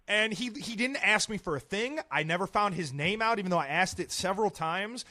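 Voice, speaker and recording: Higher-voiced man telling a rambling story. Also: lively intonation, a little fast, few pauses, sharp tone, no echo, studio quality. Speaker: sports radio co-host. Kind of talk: casual studio chat.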